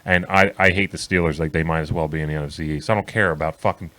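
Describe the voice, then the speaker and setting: A man's voice: very deep voice, fast, slight background noise. A man co-hosting a casual sports talk podcast, telling long, profane stories with lots of restarts. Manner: rambling, profane, animated storytelling with many restarts. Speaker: co-host.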